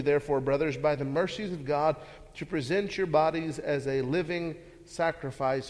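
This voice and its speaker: A man preaching a sermon, earnest and full of rhetorical questions, often repeating words as he restarts. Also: fairly high pitch. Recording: long hall reverb.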